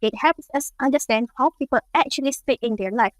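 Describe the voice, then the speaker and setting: A woman's voice: high voice, brisk, no room sound, rough recording. A young woman from Malaysia, a university student, reading her part of a class presentation. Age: young adult. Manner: reads steadily from slides.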